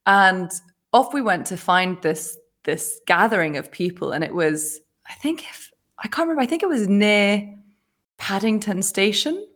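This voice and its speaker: A woman hosting a podcast, telling a personal story in casual conversation, animated and often laughing as she acts out what people said. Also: mid-range voice, moderate pace. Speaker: podcast host.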